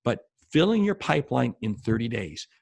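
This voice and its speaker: A man's voice: medium pitch, very animated, normal speed, creaky, darkish tone, breathy edge, dry recording. A man giving a motivational sales coaching talk straight to the viewer, driving points home by repeating them with emphasis. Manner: emphatic, repeats key phrases for stress; speaks directly to the viewer. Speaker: sales trainer.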